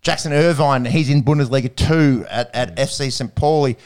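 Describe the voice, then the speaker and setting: A man's voice: mid-range voice, normal speed, darkish tone. An Australian man hosting a casual sports chat, rambling and slangy.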